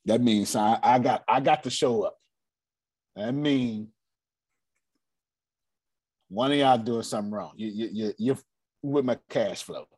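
A man coaching a live audience on business cash flow, animated and repetitive. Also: mid-range voice, a little slow, long pauses, dry recording. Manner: animated, repetitive, drops into playful put-on voices. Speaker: finance coach. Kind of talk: live online business teaching.

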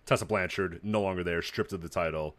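A man's voice: low-pitched, fairly bright tone. A man co-hosting a casual podcast, talking loosely with lots of fillers. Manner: fast, loose, filler-heavy talk. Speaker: podcast co-host.

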